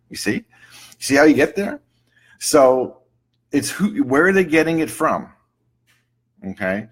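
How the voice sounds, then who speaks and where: A man's voice: lowish voice, a bit bright. A middle-aged man teaching a class in a conversational way, often checking in with "right?" and "okay?", and acting out short client quotes. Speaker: instructor teaching EFT and NLP. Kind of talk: casual recorded lecture.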